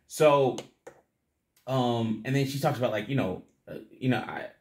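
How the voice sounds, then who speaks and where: A young man talks in a loose, rambling monologue, swearing freely and breaking into laughter at his own stories. His voice sits in an ordinary middle pitch, and he circles back on his points with plenty of filler. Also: a little slow, darkish tone. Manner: crude, profane, laughs often, rambling. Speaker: vlogger.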